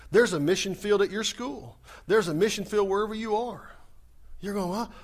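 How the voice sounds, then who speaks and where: A man preaching a sermon, animated and humorous, talking fast. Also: sits high. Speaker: pastor.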